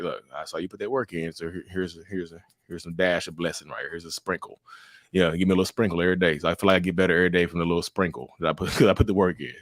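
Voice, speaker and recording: Interview guest: middle-aged man from North Carolina, very low voice, animated casual delivery, dry recording. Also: no echo. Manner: animated, laughs often, acts out quotes.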